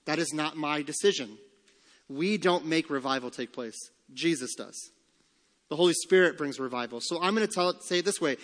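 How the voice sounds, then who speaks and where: Male pastor, emphatic sermon delivery, slightly high voice, live church reverb. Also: fairly bright tone. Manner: emphatic preaching, slowing and rising on key phrases. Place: church sanctuary. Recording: long church hall reverb.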